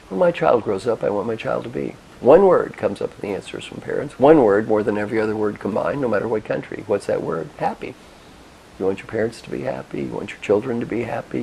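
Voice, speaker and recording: A man giving a motivational talk, guiding listeners through reflection and telling stories in an expressive, directive way. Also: lowish voice, gravelly, a little hiss or hum, poor audio. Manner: expressive, directive, with soft pauses. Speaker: motivational speaker and coach. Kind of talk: guided reflection and storytelling talk.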